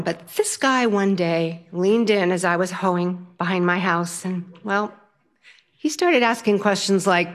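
An older woman tells a personal story in a lively, playful way, laughing as she goes. Her voice sits at a middling pitch. She swings between wry asides and bright, rising emphasis. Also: moderate pace. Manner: animated, playful, laughing through the telling. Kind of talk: personal story told to an audience.

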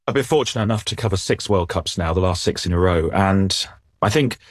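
A man, a sports editor, giving measured, thoughtful answers in a news interview, often restarting his sentences. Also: low voice, no echo, clean studio sound.

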